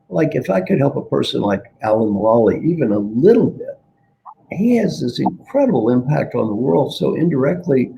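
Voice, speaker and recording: A man's voice: medium pitch, creaky, mellow, a little hiss or hum, poor audio. An older man, a guest coach, talking reflectively in an interview and repeating key phrases for emphasis. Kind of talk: reflective interview talk with storytelling.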